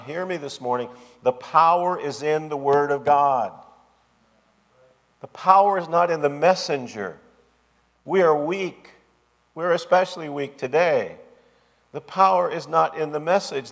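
A man's voice: on the high side, gravelly, a bit bright. A man preaching a sermon as pastor, with an emphatic, repetitive cadence. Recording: long hall reverb.

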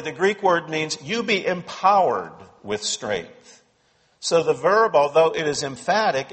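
A man's voice: a little high, fairly bright tone, big-room sound. A man preaching an expository sermon to his congregation, pressing points with emphatic repetition. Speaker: pastor. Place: church sanctuary.

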